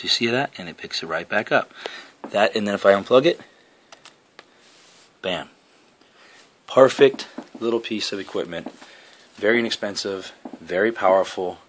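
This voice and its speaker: A man's voice: low-pitched, slight background noise. A man giving a casual, step-by-step walkthrough of game console audio settings, repeating his points with plenty of fillers. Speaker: gaming headset reviewer. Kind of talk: casual tutorial talk to camera.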